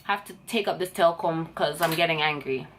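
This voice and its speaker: A woman's voice: low-pitched, a little fast, slight background noise. A young woman telling an indignant story to camera in a casual vlog. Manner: animated and indignant, talks to camera. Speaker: vlogger.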